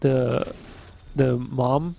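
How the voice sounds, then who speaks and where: A young man with a gravelly, crackly voice at an ordinary pitch, chatting through a couch co-op game. He jokes around, swears freely and laughs often, in the easy way of friends gaming together on a couch. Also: steady tone, very slow, mellow. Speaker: gaming channel co-host. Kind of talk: casual let's-play chat. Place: living room couch, gaming in person.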